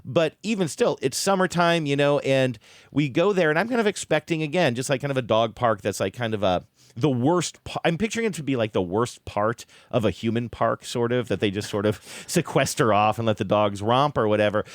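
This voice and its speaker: Rich A man in casual podcast chat, telling a story in a rambling, animated way and often correcting himself mid-sentence. His voice sits at an ordinary middle pitch. The sound is close and dry. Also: fairly quick, no room sound. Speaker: podcast co-host.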